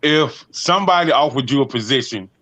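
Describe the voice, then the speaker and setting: Brief: male co-host, playful questioner, mid-pitched voice, dry close sound. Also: animated, a little fast, bright, forceful tone, dry recording. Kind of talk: casual chat.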